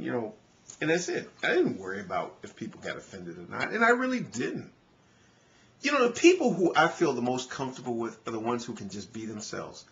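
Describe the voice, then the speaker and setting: A man's voice: medium pitch, a bit bright, muffled recording. A man vlogging in an earnest, conversational way, with frequent "you know" fillers. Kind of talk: casual talk to camera.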